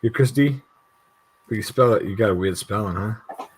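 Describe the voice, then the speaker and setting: A man's voice: lowish voice, moderate pace, a little hiss or hum, low-quality recording. A middle-aged man rambling and laughing in casual chat on a video call, swearing freely. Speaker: guest YouTube creator.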